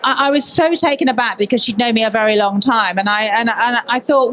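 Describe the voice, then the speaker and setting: Woman tv presenter on a panel, kinda high voice, candid and animated, faint room noise. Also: brisk, low-quality recording. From Birmingham, England. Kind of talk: conference panel discussion.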